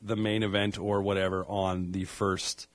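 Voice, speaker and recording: A man co-hosting a wrestling podcast in casual chat, animated, laughing often and acting out quotes. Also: deep voice, normal speed, no room sound, clean studio sound. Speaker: podcast co-host.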